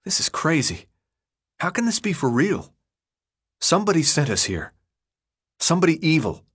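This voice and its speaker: A restless teenage boy with no memory, pressing earnest question after question. A man reads him in an audiobook. His voice sits a little high and moves around a lot. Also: sing-song, normal speed, breathy edge. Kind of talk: audiobook character voice.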